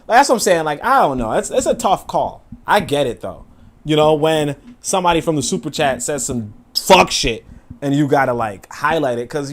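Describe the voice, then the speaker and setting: Animated, profane man hosting a livestream. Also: fairly high pitch. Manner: animated, profane, laughing asides, many fillers. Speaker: livestream host reacting to a video. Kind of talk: casual livestream commentary.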